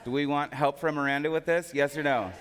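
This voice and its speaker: A man's voice: fairly high pitch, steady tone, a little fast, fairly bright tone. A man sales trainer giving a casual stage talk at a large conference, joking and asking the crowd questions. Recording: long hall reverb.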